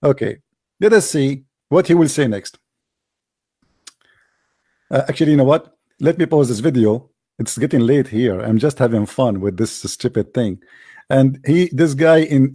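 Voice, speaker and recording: A man's voice: medium pitch, measured pace, mellow, no room sound, studio quality. A man giving a casual reaction commentary on a debate clip, mocking and combative, laughing often, speaking English that is not his first language. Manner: non-native English grammar.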